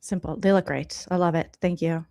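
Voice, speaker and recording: A woman comedian giving casual, sarcastic reaction commentary, swinging between loud outbursts and whispered asides. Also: on the low side, fairly even intonation, normal speed, dry recording, clean studio sound.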